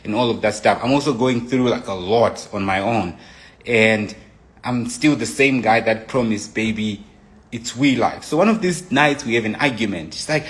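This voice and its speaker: A young man appearing as a guest tells his side of a breakup in a low-leaning, somewhat bright voice at normal speed. His relationship story is casual and meandering, full of restarts and asides.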